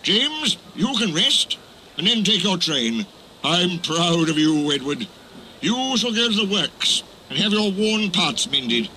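A man's voice: sits high, big pitch swings, slow, sharp tone, slight background noise, voice pushed up, exaggerated voice, poor audio. A man voicing a stout, fatherly railway boss in a storybook reading, hearty and pleased. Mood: proud.

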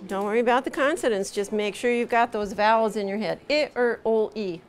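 A woman teaching English pronunciation in a live lesson, patiently drilling vowel sounds slowly over and over. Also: fairly high pitch, slight background noise.

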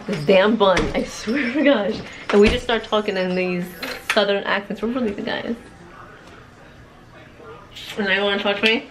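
A woman vlogging in casual chat, playful and quick to giggle. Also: medium pitch, background noise.

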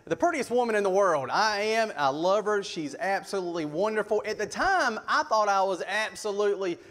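A middle-aged man, a youth pastor telling folksy, animated stories in a sermon. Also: high voice, brisk. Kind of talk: sermon storytelling. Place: church sanctuary. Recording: long church reverb.

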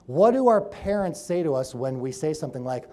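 A man with a slightly raised pitch addresses a seminar audience as a chiropractor. He tells his stories with animated energy and acts out the characters. His volume climbs to emphatic peaks and drops to quiet, drawn-out points. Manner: animated storytelling, acting out quoted people, swinging between loud and hushed. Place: room with an audience.

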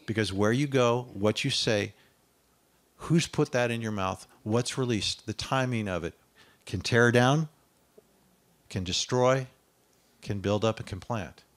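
A man preaching a sermon, reading scripture aloud and stopping to ask his listeners whether they follow, often rising to loud declamation on the quoted verses. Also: mid-range voice, unhurried, long pauses. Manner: conversational asides asking the listener.

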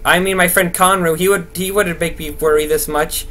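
A young man rambling nervously through horror game commentary, swearing and talking to himself to stay calm. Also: sits high, normal speed. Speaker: gaming video host.

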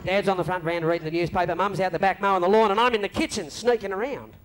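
An Australian man telling a long comic story on stage, lively and broad, slipping into mimicked voices. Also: sits high, very fast. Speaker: comedian telling stories on stage. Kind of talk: live stand-up storytelling. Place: club stage before a live audience. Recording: faint crowd ambience from a live venue.

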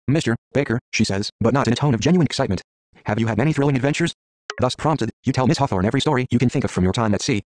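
A man's voice: medium pitch, darkish tone, a little hiss or hum. A man reading an interactive story game aloud, stumbling, restarting, and muttering menu words between lines.

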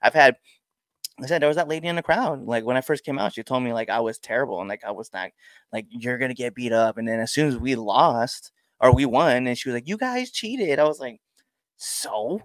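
A man's voice: fast, no room sound. A young man, a pro wrestler, telling stories casually and acting out crowd exchanges. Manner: animated storyteller, acts out crowd exchanges with big pitch jumps. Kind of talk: casual storytelling interview.

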